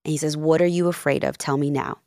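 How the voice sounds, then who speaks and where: A woman's voice: low voice, fast, no room sound, studio quality. A woman in her thirties, a life coach, telling her story in a casual interview and acting out the dialogue. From Peru and New Jersey. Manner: animated, acts out quoted dialogue. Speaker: podcast guest, life coach.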